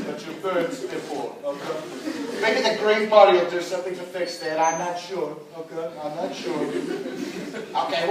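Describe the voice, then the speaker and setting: A man's voice: high voice, close to an everyday voice. A man doing a stand-up impression of a boastful, blustering older American politician as MC of a student debate, in a put-on American accent, bragging and tagging nearly every line with "okay?". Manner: bragging, repeats "okay?" and "let me tell you". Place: university lecture hall. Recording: echoey hall, distant mic, noisy.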